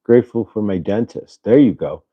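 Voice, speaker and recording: A man's voice: fairly low pitch, moderate pace, no echo, highs cut off. A man hosting a casual spiritual livestream, talking loosely and reading out viewers' chat messages. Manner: relaxed, rambling, reads chat aloud. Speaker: host.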